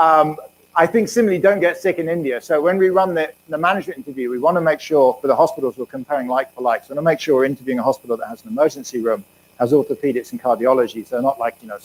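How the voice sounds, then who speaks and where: A man, an economics professor, giving a public lecture in a relaxed, joking way. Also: medium pitch, slight background noise, low-quality recording. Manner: quick, chatty, and jokey, with many fillers. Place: university lecture hall.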